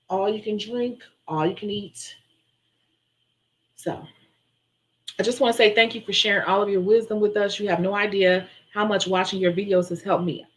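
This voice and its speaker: A woman's voice: medium pitch, low-quality recording. Chatty woman hosting a nail live stream. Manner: chatty, animated storyteller who acts out her own quotes. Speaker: nail tech and channel host. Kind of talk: casual live-stream chat and storytelling.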